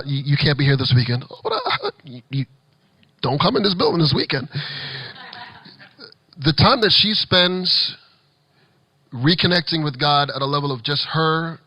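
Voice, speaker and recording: A man giving an energetic, animated talk to children's ministry leaders as a children's pastor, with playful asides. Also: fairly high pitch, no room sound, low-quality recording. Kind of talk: conference workshop talk.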